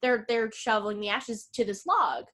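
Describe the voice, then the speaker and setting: A woman co-hosting a podcast, recapping a film in a rambling, excitable way, full of "like" and swearing. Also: fairly high pitch, moderate pace. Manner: rambling, filler-heavy, lots of "like"; profane, excitable retelling. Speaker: podcast co-host. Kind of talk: casual film recap chat.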